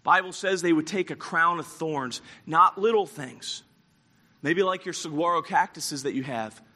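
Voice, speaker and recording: A man preaching a sermon, telling a story dramatically and acting out quoted lines, moving between loud passages and hushed ones. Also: a little high, unhurried.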